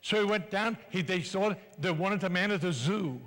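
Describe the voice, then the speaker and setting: Bright, animated older man speaking in a hall. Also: sits high, moderate pace. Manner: animated, playful, urging the audience. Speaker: motivational speaker. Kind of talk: live motivational speech. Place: large hall before an audience. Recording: long reverb in a hall.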